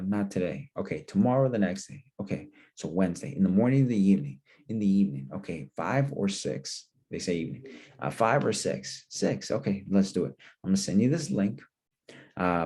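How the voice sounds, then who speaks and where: A man with a low, mellow, relaxed voice runs a training lesson. He repeats key phrases and acts out both caller and relative in sample phone calls. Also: fairly quick. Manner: coaching, repetitive, acts out both sides of calls. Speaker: sales trainer. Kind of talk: instructional role-play of phone calls.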